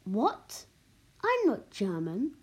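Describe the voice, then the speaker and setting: Lady reading a young british soldier guy, sure of himself, kinda breathy. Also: medium pitch, very animated, normal speed, darkish tone. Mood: defiant. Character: young British soldier David, male, confident.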